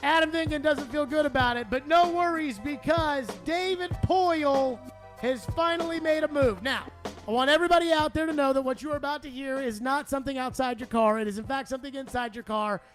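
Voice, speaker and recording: A man's voice: very high-pitched, fairly quick, music in the background. A man hosting sports talk radio, exasperated and sarcastic, repeating himself as he rants.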